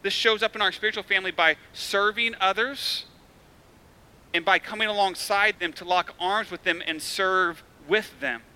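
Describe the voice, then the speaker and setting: A man's voice: sits high, steady tone, normal speed, sharp tone, clear, resonant tone. A male pastor preaching a sermon in a casual, conversational way, with emphatic, repetitive build-ups and frequent tag questions. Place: church.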